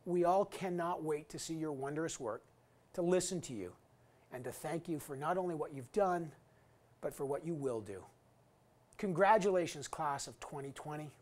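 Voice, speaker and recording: A man's voice: a little high, expressive, moderate pace, a little mellow. A man in his fifties giving an earnest, emphatic graduation address as an alumni guest speaker. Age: 50s. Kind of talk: recorded commencement address.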